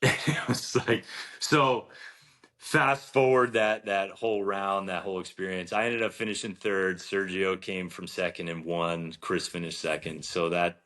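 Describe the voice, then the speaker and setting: A man from New Jersey, a golf professional, telling an animated anecdote in an interview and acting out the dialogue. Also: deep voice. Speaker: golf professional, podcast guest. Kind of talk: storytelling interview.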